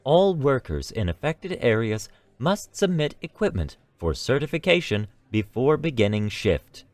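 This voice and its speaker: A man's voice: mid-range voice, sing-song, measured pace, a little mellow, dry recording, pitched above the performer's own voice. A man doing a station PA announcement. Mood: announcing. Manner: formal, announcing. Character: automated station announcement system.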